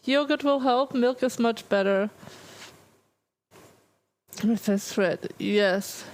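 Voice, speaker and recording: A woman's voice: fairly high pitch, slow, poor audio. A woman streamer chatting casually on a live stream, talking through a burning, aching mouth that slurs her words. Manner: pained, slurred talk from a burning mouth. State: mouth in pain from spicy food.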